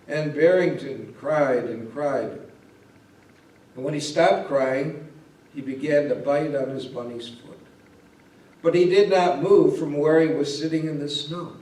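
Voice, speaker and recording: A male pastor reading a Christmas story aloud, in a slow, gentle storytelling manner. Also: a little high. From Ohio, USA. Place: church or parish hall. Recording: roomy echo, mic at a distance.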